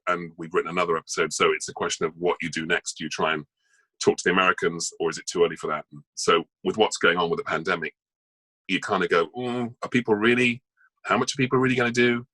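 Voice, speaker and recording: A man's voice: sits low, bright, forceful tone, no echo, low-quality recording. A man, an actor and voice artist, chatting as an interview guest and rambling through his news with many asides. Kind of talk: casual interview chat.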